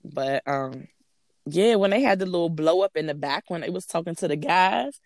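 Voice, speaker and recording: A woman with a lowish voice chats casually, animated and full of profanity. She acts out quoted lines and keeps calling people "honey." The sound is close and dry, with no room echo. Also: normal speed. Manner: calls listener "honey" and "child". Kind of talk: casual chat.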